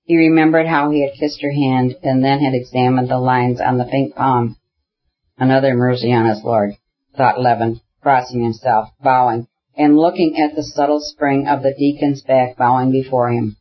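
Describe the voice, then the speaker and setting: A man reading a classic novel aloud as an audiobook narrator, in a steady, measured way. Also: medium pitch, highs cut off.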